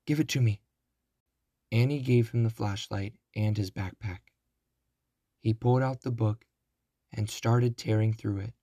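Male narrator for a kids' chapter book, unhurried, dry close mic. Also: fairly low pitch, fairly even intonation, warm tone, no echo. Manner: slow, deliberate. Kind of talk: children's storybook reading.

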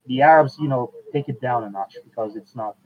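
Man on a tinny phone-like line. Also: mid-range voice. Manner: unhurried, fills pauses with "uh" and restarts. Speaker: podcast host. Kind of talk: casual chat.

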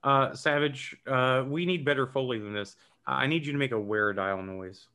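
A man's voice: medium pitch, normal speed, bright, forceful tone, clean tone. Man riffing jokily in casual chat. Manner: joking, rambling, chatty asides. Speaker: podcast co-host.

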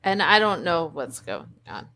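Female player: very slow delivery, bright tone. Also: lowish voice, big pitch swings. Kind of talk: tabletop game play.

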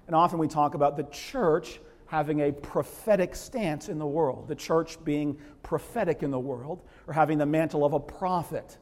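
This pastor preaches at a moderate pace with hardly any pauses, his darkish voice trailing a long reverb tail. He acts out scripture characters in quoted speech, his pitch rising sharply as he dramatizes biblical figures.

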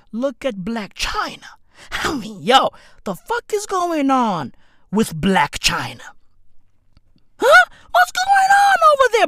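A man doing a comedic gossip rant, profane and slangy, repeating lines for emphasis and bursting into shouts. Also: high voice, no echo, clean studio sound. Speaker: commentator.

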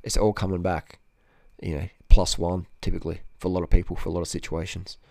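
A man's voice: low voice, level tone, fast talker, creaky, darkish tone, no echo, clean studio sound. A man, talking casually as a guest, rambling and repeating himself with many "you knows". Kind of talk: casual conversation.

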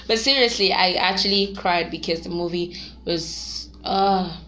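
A young woman chatting casually to her viewers, lively and quick to laugh. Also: fairly low pitch, a little hiss or hum. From Nigeria. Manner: chatty and animated, laughs often, sings snatches of songs. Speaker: vlogger. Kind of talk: casual vlog chat.

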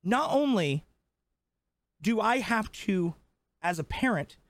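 A man's voice: high-pitched, expressive, slow pace, a bit bright, no echo. A man in his twenties co-hosting a podcast, ranting heatedly and swearing constantly. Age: 20s. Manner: profane, fired up, emphatic. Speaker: podcast co-host. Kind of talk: heated casual rant.

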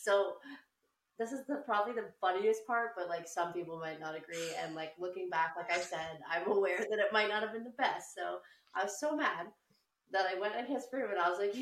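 A woman telling a story in a casual chat, animated, swearing often and laughing as she talks. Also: mid-range voice, a little fast. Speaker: podcast co-host. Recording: roomy, a bit distant from the mic.

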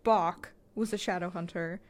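A woman's voice: lowish voice, fairly even intonation, normal speed. Blunt, sweary young woman co-host. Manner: blunt, swears freely, sarcastic. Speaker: podcast co-host. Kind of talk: casual chat recapping a movie.

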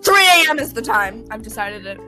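A young woman in casual chat, goofy, with loud interjections. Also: fairly high pitch, sing-song, fairly quick, faint music behind.

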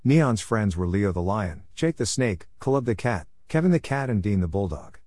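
A man reading out a homemade story in a plain, steady way. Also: fairly low pitch, moderate pace, no echo.

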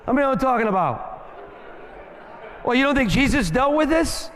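High-voiced man preaching with long hall reverb. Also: lively intonation, a little fast, a bit bright, some chatter behind. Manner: emphatic, rhythmic rhyming phrases, playful asides. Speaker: guest preacher. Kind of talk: sermon. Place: church sanctuary.

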